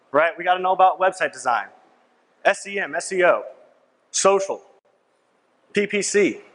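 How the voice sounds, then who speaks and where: In a big conference hall full of long reverb, a young conference speaker makes a persuasive sales pitch, punchy and repetitive, frequently throwing "right?" to the audience. His voice sits high and sounds a bit bright.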